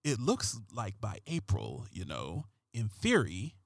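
A man putting on the voice of a brooding TV crime-show detective, speaking slow and murmured with dramatic pauses. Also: on the low side, huge pitch swings, creaky, no echo, studio quality, pitched below the performer's own voice, full character voice.

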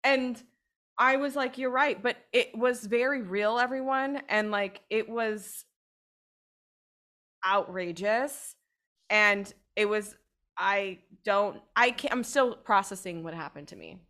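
A woman's voice: mid-range voice, takes it slowly, pushed and bright. A woman co-hosting a podcast, telling a long, rambling story in casual chat and swearing freely. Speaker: podcast co-host.

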